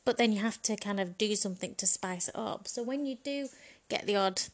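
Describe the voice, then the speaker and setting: A woman's voice: medium pitch, brisk. A woman in a frank, bawdy comedic monologue, chatting casually and laughing often. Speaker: vlogger.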